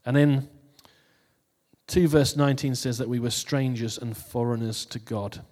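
A man's voice: medium pitch, unhurried. Chatty male preacher in a reverberant room. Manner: relaxed, chatty, laughs at his own jokes. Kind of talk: casual New Year sermon.

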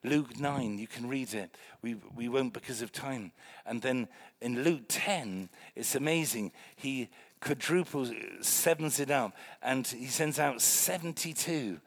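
An older man preaching a lively, joking sermon in a church meeting room, swinging between loud exclamations and hushed remarks. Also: mid-range voice, a little slow, few pauses.

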